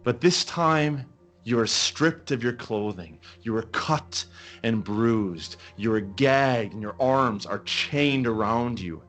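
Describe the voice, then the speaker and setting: A man running a tabletop game as game master, telling the scene in a slow, dramatic way with long pauses. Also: medium pitch, animated, fairly bright tone, soft background music.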